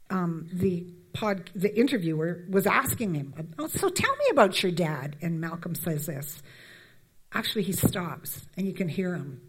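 A woman's voice: on the low side, slightly rough. A woman in her fifties from Canada, giving a conversational church talk with many fillers and friendly asides. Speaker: church speaker. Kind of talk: conversational sermon.

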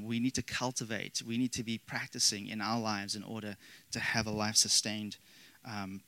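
A man's voice: mid-range voice, sharp tone, no echo, poor audio. A man preaching a sermon as pastor, earnest with rising emphasis and casual asides.

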